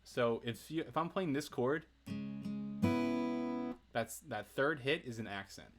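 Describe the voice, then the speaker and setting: Relaxed man teaching guitar. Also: medium pitch, measured pace. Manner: relaxed, chatty, answers chat and laughs often. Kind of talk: casual livestream guitar lesson. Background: faint acoustic guitar playing.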